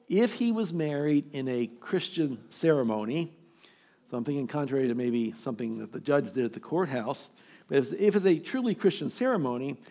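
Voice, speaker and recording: A man in his sixties, a pastor, preaching an emphatic, exhorting sermon with dramatic pauses. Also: on the high side, darkish tone. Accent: American. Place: church sanctuary.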